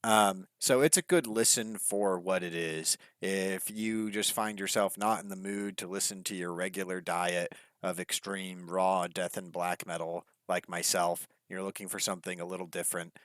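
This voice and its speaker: A man's voice: low voice, fairly even intonation, moderate pace, fairly bright tone, no room sound. A man co-hosting a podcast, talking through an album review in a rambling, hedging way with lots of fillers. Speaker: podcast co-host. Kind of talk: casual music review chat.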